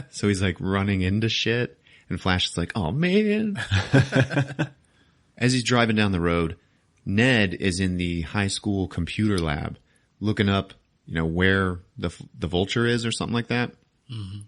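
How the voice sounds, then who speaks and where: A man's voice: sits low, moderate pace, fairly bright tone. A man hosting a podcast, retelling a movie plot in a crude, joking way, swearing and laughing often. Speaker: podcast host. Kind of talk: comedic movie recap.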